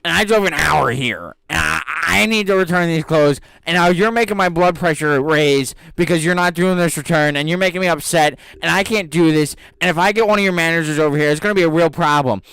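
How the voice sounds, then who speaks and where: A woman's voice: deep voice, a little fast, gravelly, hardly any pauses, fairly bright tone, smooth, dry recording, pitched above the performer's own voice. A man voicing a hysterical middle-aged woman customer who makes gasping, panicky complaints about a refund.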